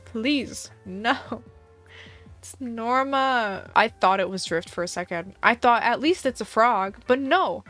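Excitable woman with a lively, high voice. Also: a little slow, dry recording, faint music behind. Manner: dramatic, excitable, talks to herself. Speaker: streamer. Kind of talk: live gameplay stream commentary.

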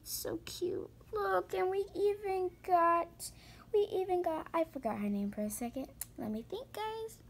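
A woman giving excitable, gushing commentary to her viewers while shopping in a game. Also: very high-pitched, moderate pace. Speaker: gaming vlogger.

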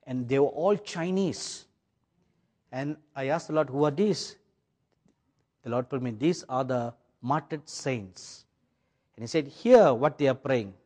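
A man preaching a sermon with a British-influenced Indian English accent, telling a vision story with sudden swings between loud and soft. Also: fairly high pitch.

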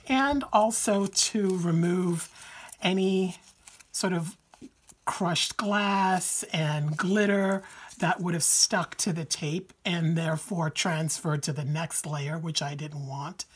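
A woman hosts a craft tutorial, her voice a little hoarse from a cold and husky in tone. She talks at a slow, unhurried pace, setting out each step with care in a somewhat low register. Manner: slow, careful and explanatory.

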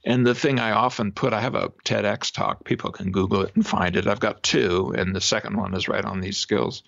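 A man, a psychologist guest on a podcast interview, explaining exercises in an animated way and demonstrating them aloud. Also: low voice, vocal fry, breathy edge. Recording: dull lo-fi remote audio.

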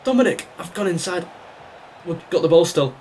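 Brit guy yelling at his football game, fairly high voice, bit of faint hum behind. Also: lively intonation, normal speed. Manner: reactive, exasperated, talks to the game. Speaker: gaming YouTuber. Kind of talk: live gameplay commentary.

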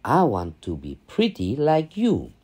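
A man's voice: mid-range voice, wildly swooping pitch, a little slow, dark tone, husky, voice pushed up, full character voice. A man voicing a sad, wistful little female brown moth in a storybook reading, in a raised, plaintive voice.

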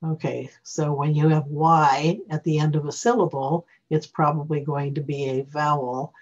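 A teacher explains reading rules while recording their own screen, often pausing to restart or correct a thought. The voice is breathy and husky, sitting at a middling pitch. It comes through a computer mic on a dull, lo-fi recording. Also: level tone. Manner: explanatory, self-correcting, thinking aloud. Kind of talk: screen-recorded software tutorial.

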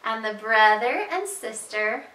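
A woman preschool teacher reading picture books aloud to young children in a slow, sing-song storytelling voice. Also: fairly high pitch, expressive, pushed and bright. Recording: echoey room, voice heard from a distance.

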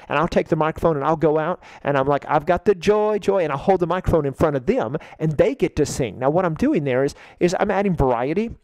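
A man who trains children's ministry volunteers, explaining in a relaxed, conversational way and now and then acting out what he says to the kids. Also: fairly high pitch, no room sound, poor audio. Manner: conversational, acts out kids' church lines with a lively raised voice. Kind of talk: instructional talk.

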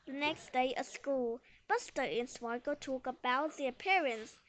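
A woman's voice: sits high, measured pace. A woman carefully reading a children's story aloud, then asking comprehension questions. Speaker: storyteller and teacher.

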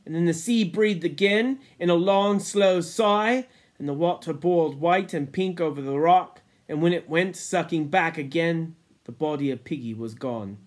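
A man reading a novel aloud in a measured way, sinking low and quiet at grim moments. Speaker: reader.

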